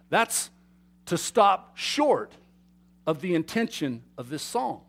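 A man preaching a sermon to his congregation, swinging between loud emphatic declarations and quiet asides, often asking them questions. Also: sits high, very animated, slow pace, gravelly, breathy edge. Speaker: pastor. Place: church sanctuary.

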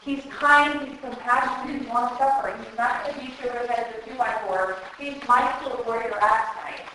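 A woman's voice: a little high, fairly even intonation, brisk, bright, forceful tone, slight background noise. A woman preaching at a women's conference, earnest and emotional, speaking straight to her audience through a microphone. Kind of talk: sermon. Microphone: handheld microphone. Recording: very echoey hall.

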